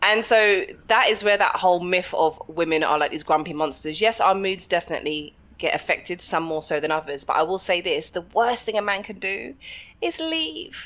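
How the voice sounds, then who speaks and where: A woman's voice: on the low side, lively intonation, normal speed, fairly bright tone, poor audio. A woman co-hosting a podcast, chatting casually and animatedly, often laughing and acting out quoted voices. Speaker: podcast co-host. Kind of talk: casual chat.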